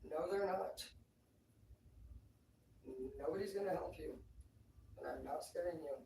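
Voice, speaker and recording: A livestreamer ranting in a rambling, profane, excitable way. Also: medium pitch, measured pace, gravelly. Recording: roomy echo, distant from the mic, faint noise.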